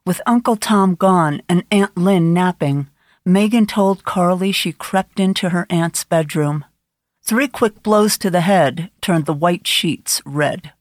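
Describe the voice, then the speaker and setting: Audiobook narrator: woman, low-set voice, measured and grave, dry close sound. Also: no echo. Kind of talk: scripted narration.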